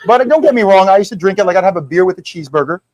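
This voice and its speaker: A middle-aged whisky brand founder tells stories at a live tasting in a liquor store, acting out the people in them and animating their quoted dialogue in casual fashion. His voice is high-pitched and racing. The recording is dry and low quality.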